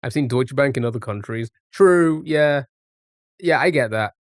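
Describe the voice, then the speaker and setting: A man's voice: medium pitch, expressive, moderate pace, no echo, studio quality. A man streaming a guessing game, thinking aloud in a rambling way full of restarts and fillers. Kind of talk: casual live-stream commentary.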